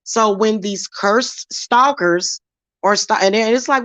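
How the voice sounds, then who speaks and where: A woman's voice: medium pitch, slow, a bit bright, no room sound. A woman, talking bluntly and emphatically as host of her own spiritual channel. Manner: blunt, emphatic, slips into acted quotes. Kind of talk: casual chat to camera.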